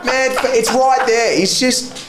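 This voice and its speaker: A man's voice: very high voice, slow pace, echoey room, very noisy, voice pushed up. Man putting on a rowdy Aussie pub bloke. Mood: heckling. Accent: Australian. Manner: shouty, bossy, slurring backseat coaching. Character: rowdy middle-aged male pub-goer yelling at a fight.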